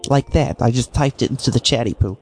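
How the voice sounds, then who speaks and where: Low-voiced crude joking woman streamer. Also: background noise. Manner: crude, joking, quick to swear. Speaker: prank-calling streamer. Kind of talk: casual live-stream chat with prank calls. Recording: voice over guitar music.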